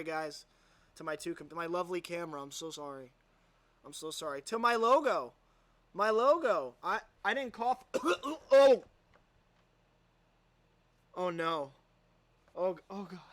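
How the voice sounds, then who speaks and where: A man hosting a commentary show, mocking what he plays with loud outbursts and muttered asides. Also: high-pitched, dry recording. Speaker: host. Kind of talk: sarcastic commentary vlog.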